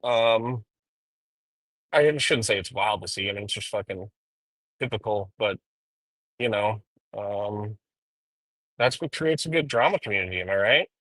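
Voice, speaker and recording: A man's voice: fairly low pitch, expressive, a little slow, long pauses, fairly bright tone, dry recording, low-quality recording. A man streaming live while driving, rambling through profane drama commentary with frequent ums. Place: inside a car.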